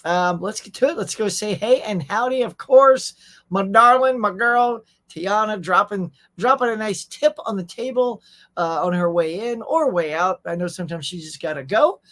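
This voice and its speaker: With a high, fairly bright voice, the host of a relaxed morning livestream reads viewers' messages out loud and replies to them. His chat is easygoing and friendly, sprinkled with lots of y'alls.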